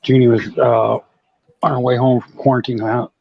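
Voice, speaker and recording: A man with an American accent, a guest on a live chat, talking in a friendly, relaxed way with hesitant fillers. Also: medium pitch, normal speed, creaky, no echo. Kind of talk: casual live-stream chat. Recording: dry, dull lo-fi call audio.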